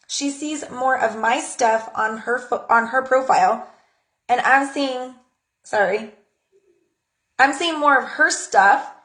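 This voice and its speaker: Talking casually to camera in an echoey space, a woman in her thirties offers tips on social media for her jewelry business. Her manner is chatty, and she plays out little exchanges in a high, bright voice.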